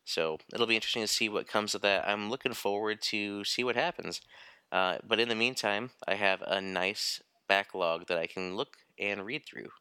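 A man co-hosting a casual podcast chat, talking in a relaxed, chatty way. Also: fairly low pitch, moderate pace, clear, resonant tone, no echo. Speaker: podcast co-host.

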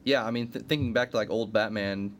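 A man's voice: on the low side, steady tone, brisk, a bit bright. A man chatting casually about a movie as a podcast co-host, agreeable and easygoing. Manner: agreeable, backchannels often. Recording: faint background noise.

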